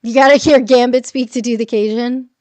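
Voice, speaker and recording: A woman's voice: a little high, fairly even intonation, a little fast, a little mellow, no room sound. A middle-aged woman hosting a casual livestream, chatting loosely, swearing freely, laughing often and answering viewer comments. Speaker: livestream host.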